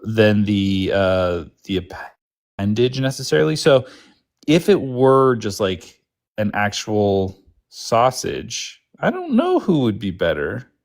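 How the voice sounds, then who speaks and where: A man's voice: fairly low pitch, sing-song, slow pace. A man co-hosting a casual live chat, joking and trailing off hesitantly.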